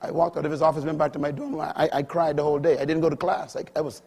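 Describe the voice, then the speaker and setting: Husky-voiced older man preaching emphatically. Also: steady tone, very fast. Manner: emphatic, swinging from loud high bursts to low quiet asides. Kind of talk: sermon.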